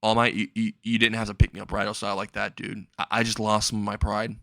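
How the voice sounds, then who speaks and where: A man's voice: fairly low pitch, level tone, fast talker, vocal fry, bright, forceful tone, no echo. A man doing a jumpy, sarcastic teen hero. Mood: mocking. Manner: blurting, stammering retorts. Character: jumpy teenage boy hero in training, sarcastic.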